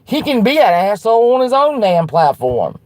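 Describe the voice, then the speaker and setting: A woman's voice: medium pitch, sing-song, moderate pace, no echo. Blunt, profane woman ranting on a livestream. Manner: blunt and profane, with frequent restarts; fired-up and defiant, turning soft when apologizing. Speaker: livestream host. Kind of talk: livestream rant answering chat.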